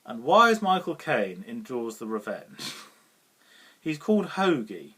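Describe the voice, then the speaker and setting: A man with a British accent talks through a film review off the cuff. He chuckles often, fills pauses with "um" and restarts his sentences. His pitch rises and falls in a lively way. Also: breathy edge. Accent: British English. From Britain. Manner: rambling, chuckling often, with many fillers and restarts. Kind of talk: casual unscripted film review.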